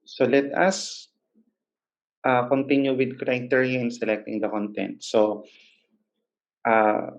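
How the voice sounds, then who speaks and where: A young Filipino man delivers a recorded lecture, with a mid-pitched voice. He often stops on filler words and corrects himself as he explains. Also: flat delivery, slow pace, pauses often, muffled recording. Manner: hesitant, many filler words and self-corrections. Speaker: teacher.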